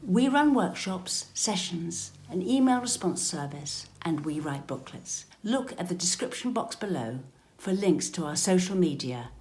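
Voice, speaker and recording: A British woman coaching step-parents in a calm, measured, gently instructive advice talk. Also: on the low side.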